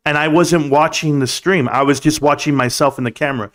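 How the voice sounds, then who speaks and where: A man hosting a casual livestream, ranting and mocking in an animated way as he reads viewer comments. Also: a little high, a little fast. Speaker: livestream host.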